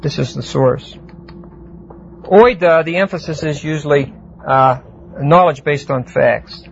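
A man teaching a verse-by-verse Bible class, explaining Greek words deliberately and often asking the class "see?". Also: fairly high pitch, gravelly. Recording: muffled lo-fi classroom tape with faint hiss.

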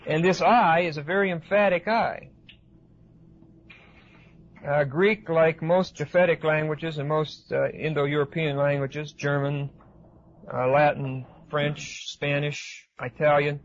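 A man giving an expository Bible lecture to a class, pausing often with fillers and checking in with his listeners. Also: on the high side. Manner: hesitant with frequent uh fillers, asks class questions. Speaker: Bible teacher. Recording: dull lo-fi recording.

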